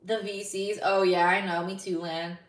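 A woman's voice: on the low side, little pitch movement, normal speed, recorded from a distance. A woman live streamer in casual chat, bubbly and giggly as she reads viewer messages aloud. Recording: roomy sound, slightly off-mic.

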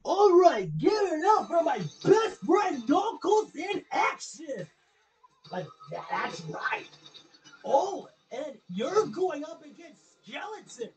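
High-pitched, animated fan host narrating gameplay, slow-paced, with faint music behind. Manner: exclaims and cheers a lot. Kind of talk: excited gameplay commentary.

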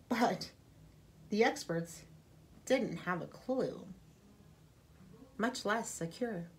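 A woman librarian reading a children's picture book aloud with expressive storytelling. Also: medium pitch, drawn-out words, long pauses.

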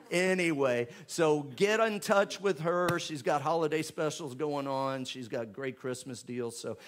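A man, a pastor making church announcements in a chatty, joking way before rising into loud, fervent prayer. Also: on the high side, lively intonation, a little slow, a crowd in the background. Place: church sanctuary with live congregation.

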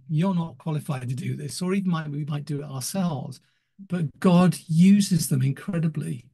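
Animated older man telling stories. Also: on the high side, slightly rough. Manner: animated storyteller, acts out quoted voices, many restarts. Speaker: retiring ministry director. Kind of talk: interview, recounting stories.

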